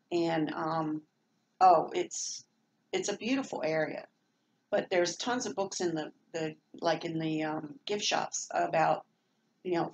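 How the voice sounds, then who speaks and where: A woman's voice: low voice, gravelly, a little hiss or hum, low-quality recording. A middle-aged woman with a Southern American accent, chatting at length in a meandering home vlog with lots of fillers and restarts. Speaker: vlogger. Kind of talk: rambling casual monologue.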